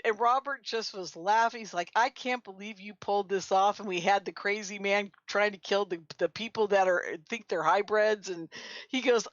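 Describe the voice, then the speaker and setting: A woman guest on a radio talk show, telling lively stories and laughing often. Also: on the high side, no echo. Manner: animated storyteller, laughs often. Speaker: guest, conference organizer. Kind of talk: casual radio chat. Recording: muffled lo-fi audio.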